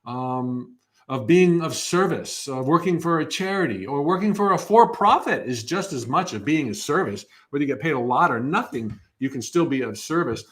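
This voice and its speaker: Man, fifties, slightly higher voice, upbeat motivational workshop host, loose and restarting. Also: lively intonation, normal speed. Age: 50s. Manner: enthusiastic, upbeat, with frequent restarts. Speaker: motivational speaker hosting a live workshop. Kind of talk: live motivational workshop talk.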